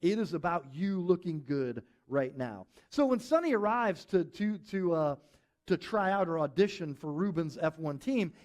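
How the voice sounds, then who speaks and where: A male pastor with a high voice delivers a sermon to a live church congregation. He tells a story in an animated way and slips into the voices of the people he quotes. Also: normal speed. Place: church service with live audience.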